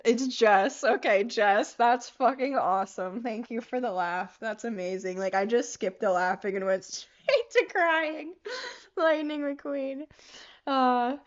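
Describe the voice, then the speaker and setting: A woman's voice: on the high side, muffled recording. A young woman hosting a casual livestream, giggling often, swearing freely and reading viewer comments aloud as she works on a craft. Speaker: livestream host.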